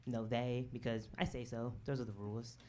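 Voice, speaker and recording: Chatty stand-up comic, noisy club recording. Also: female voice, rumbling low, fairly even intonation, normal speed, darkish tone. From Chicago south suburbs. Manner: casual storytelling, peppered with "um" and "right?". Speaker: stand-up comedian. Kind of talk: stand-up comedy set. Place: comedy club stage.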